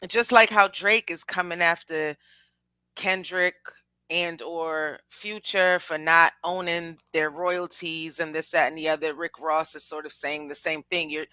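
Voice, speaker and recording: Chatty, bright-voiced woman. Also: low voice, no echo. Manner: animated, chatty, slangy, addresses the chat. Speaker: podcast host. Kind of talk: casual music commentary.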